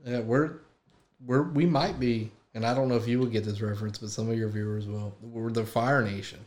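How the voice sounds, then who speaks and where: Jokey, animated male podcast guest. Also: mid-range voice, fairly quick. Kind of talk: casual chat.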